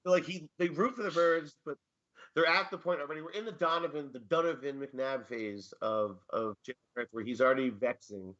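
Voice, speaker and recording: A man's voice: on the high side, quick pace, sharp tone, muffled recording. A man co-hosting a casual sports podcast, rambling with many fillers and dry jokes. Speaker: fantasy football co-host and teacher.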